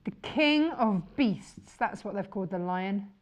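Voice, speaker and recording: A woman's voice: medium pitch, animated, unhurried. A woman presenting fabrics on a shopping channel, chatty and enthusiastic. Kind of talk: chatty live sales presentation.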